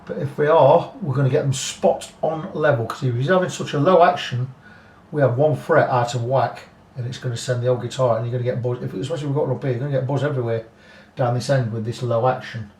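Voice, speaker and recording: A man's voice: medium pitch, a little fast, a little mellow, slight background noise. Chatty man tinkering in a roomy workshop. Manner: chatty, thinking aloud with frank asides. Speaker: guitar repair technician. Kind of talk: casual workshop demonstration. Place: guitar workshop. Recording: roomy workshop, mic at a distance, faint music.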